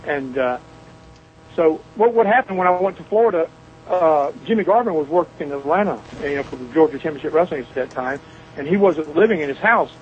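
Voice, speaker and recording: A man's voice: a little high, animated, a little fast, lo-fi sound, a little hiss or hum. A middle-aged man from Alabama with a Southern US accent, a guest telling boisterous, folksy stories in a phone interview. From Mobile, Alabama, US. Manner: joking, boisterous, folksy storyteller.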